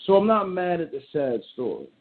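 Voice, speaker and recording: A man hosting a show, ranting in casual commentary in a blunt, animated way and swearing often. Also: sits high, a little fast. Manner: animated, blunt and profane, reacting aloud. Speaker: show host. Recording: tinny phone-like sound.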